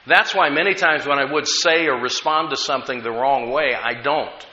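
A man's voice: mid-range voice, normal speed, sharp tone. An American man preaching a sermon as pastor, telling stories with rising emphasis. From United States. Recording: echoey room, dull lo-fi sound.

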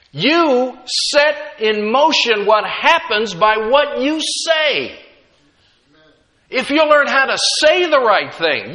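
A middle-aged man preaching a sermon with emphatic delivery, rising loud then dropping quiet, and slipping in humorous asides. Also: very high-pitched. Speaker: pastor.

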